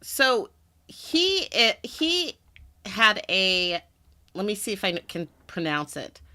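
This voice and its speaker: A woman's voice: mid-range voice, sing-song, takes it slowly, bright, forceful tone. A woman co-hosting a casual livestream chat, chatty and often trailing off while she searches for words. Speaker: co-host.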